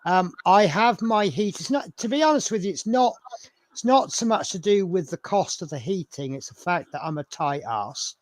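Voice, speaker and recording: A man's voice: sits high, expressive, moderate pace, no room sound. A man hosting a live model-building stream, chatting in a rambling, self-mocking way. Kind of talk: casual live-stream chat.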